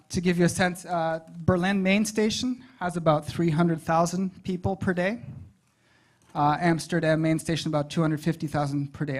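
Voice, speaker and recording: A presenter giving a conversational talk at a public advisory meeting, stopping to ask the audience questions. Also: medium pitch. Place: meeting room.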